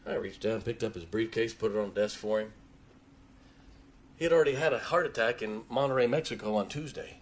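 A man preaching, telling a personal story with emotion and dropping his voice low in tender moments. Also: expressive, a little fast. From Ohio. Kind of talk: sermon storytelling.

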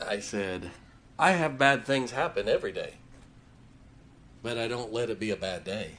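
A man's voice: lowish voice, animated, moderate pace, fairly bright tone, a little hiss or hum. A male pastor preaching a sermon in church, telling folksy stories and laughing at his own jokes.

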